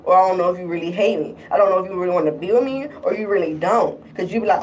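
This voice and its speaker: A woman's voice: on the low side, rapid-fire, few pauses, slight background noise. A woman in a casual vlog, retelling her relationship troubles in an exasperated, rambling way with lots of fillers. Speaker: vlogger. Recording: distant from the microphone.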